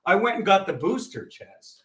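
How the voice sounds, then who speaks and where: Brief: hoarse male comedian host, bright and forceful, a bit high, heard from off the mic in a roomy space. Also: normal speed, recorded from a distance. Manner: gruff, exasperated banter. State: hoarse from laryngitis. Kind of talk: casual live show chat.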